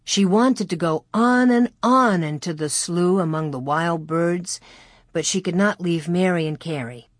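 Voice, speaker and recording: Slow, measured storybook narrator. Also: medium pitch, no room sound, clean studio sound. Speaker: audiobook narrator. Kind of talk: scripted narration.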